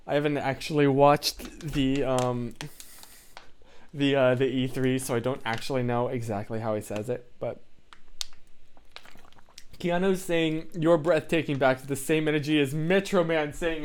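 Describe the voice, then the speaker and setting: A man's voice: mid-range voice, measured pace, darkish tone, slight background noise. Rambling young man chatting on a livestream. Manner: rambling, full of tangents and fillers. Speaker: livestream host. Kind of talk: casual livestream chat reading viewer comments.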